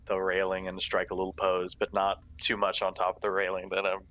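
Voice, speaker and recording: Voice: low voice, monotone, a little fast, fairly bright tone, soft background music. Playful tabletop game player. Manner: playful, boastful in character.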